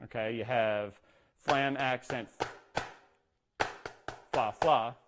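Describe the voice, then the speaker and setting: A man's voice: mid-range voice, steady tone, drawn-out words, over loud music. Male drum instructor, mid-range voice, patient step-by-step teaching, calls out rudiments rhythmically. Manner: explains step by step, says "okay?" often, speaks rudiment names in a rhythm. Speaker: percussion instructor. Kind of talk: instructional talk with demonstration.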